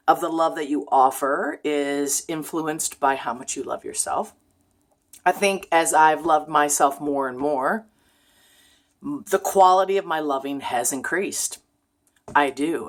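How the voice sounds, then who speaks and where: Woman, low voice, slow delivery, casual vlog, frank, emphatic. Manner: frank, emphatic, laughs while talking. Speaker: vlogger. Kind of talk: casual talking-head vlog.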